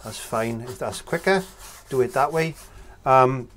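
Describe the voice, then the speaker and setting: A man, talking through a painting tutorial in a relaxed, chatty way as he works. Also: mid-range voice, measured pace. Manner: relaxed, chatty, talks while working. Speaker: painting instructor.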